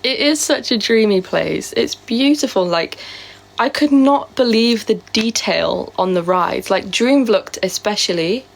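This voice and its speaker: A woman's voice: medium pitch, a little slow, gravelly. A woman live streaming in casual, rambling chat, answering viewer comments, with a sore throat. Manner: chatty and rambling, with many fillers.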